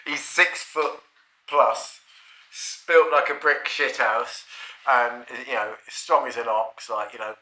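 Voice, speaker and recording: A man's voice: medium pitch, slow pace, sharp tone. A middle-aged man, telling a personal anecdote in a rambling, profane, chuckling way. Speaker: storyteller. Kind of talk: casual anecdote. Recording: roomy echo.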